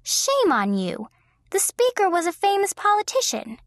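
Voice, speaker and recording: In a studio-quality recording with no echo, a woman performs the lines of a sweet-natured, teasing, widowed middle-aged mother. She uses a full character voice pitched well above her own, very high with wildly swooping pitch, at a moderate pace and in a gentle, teasing manner.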